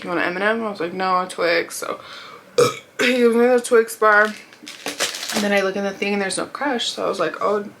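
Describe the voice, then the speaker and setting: A young mukbang vlogger eats while telling a rambling, chatty story, laughing often and acting out what people said with lots of "like." Her medium-pitched voice comes with background noise.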